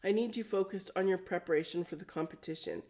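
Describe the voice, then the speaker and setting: Woman reading a no-nonsense dwarf coach, firm and level, mellow low voice. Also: fast talker, close to an everyday voice. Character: practical male dwarf coach, steady and protective.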